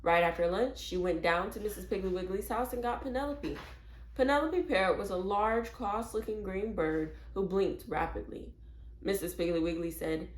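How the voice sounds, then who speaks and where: A woman reading a children's chapter book aloud as a storyteller, clear and steady. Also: mid-range voice. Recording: roomy echo.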